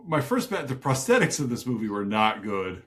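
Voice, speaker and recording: A man's voice: medium pitch, very animated, fairly quick, a bit bright. Easygoing man with dry wisecracks. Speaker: podcast co-host. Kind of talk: casual movie review chat.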